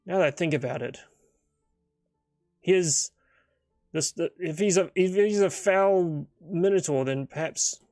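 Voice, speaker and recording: A man voicing a nervous, polite young male adventurer in a solo tabletop game, hesitant and stammering in a raised, gravelly voice. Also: a little high, a little mellow, dry recording, clean studio sound.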